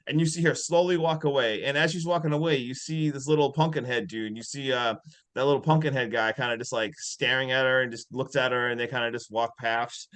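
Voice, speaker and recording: A man co-hosting a podcast, excitedly retelling a horror movie scene by scene with lots of "like". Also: mid-range voice, brisk. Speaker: podcast co-host. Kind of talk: casual movie review chat.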